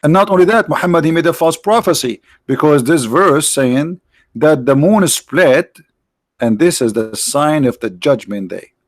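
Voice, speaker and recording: A man's voice: on the high side, expressive, normal speed, no room sound. Sarcastic man hosting a debate livestream. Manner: mocking, sarcastic, with broken English phrasing. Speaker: livestream host. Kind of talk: livestreamed religious debate commentary.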